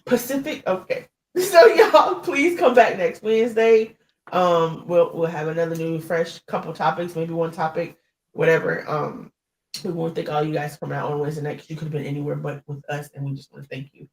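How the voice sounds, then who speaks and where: A woman's voice: low-pitched, steady tone, quick pace. Woman host signing off in an echoey room. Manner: warm thanks, rambling, laughing. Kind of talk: show sign-off.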